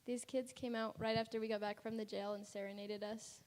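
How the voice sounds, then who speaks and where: A woman's voice: medium pitch, level tone, brisk, a little mellow. A woman giving a casual, chatty slideshow report on a mission trip, laughing often as she talks. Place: church sanctuary. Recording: reverberant church hall.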